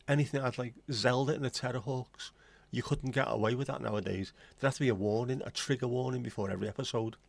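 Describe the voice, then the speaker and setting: Gravelly, medium-pitched, and fast with hardly any pauses, this Englishman in his forties runs a livestream with fairly even intonation and no echo. In casual chat he's blunt and opinionated, rambling from aside to aside.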